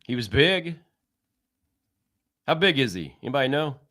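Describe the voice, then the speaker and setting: A man's voice: medium pitch, big pitch swings, moderate pace, sharp tone, dry recording, studio quality. Rambling middle-aged male wrestling guest. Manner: rambling, self-interrupting, folksy. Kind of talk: casual podcast chat.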